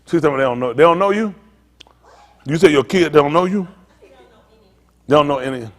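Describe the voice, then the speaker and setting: A man's voice: a little high, animated, moderate pace, fairly bright tone, big-room sound. An older man, a pastor, teasing a group and telling funny stories in a loose, joking way. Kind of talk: comedic storytelling to a group.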